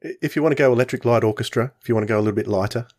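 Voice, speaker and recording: Easygoing podcast host. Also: male voice, medium pitch, rapid-fire, darkish tone. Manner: friendly, easygoing with small hesitations. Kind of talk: casual chat.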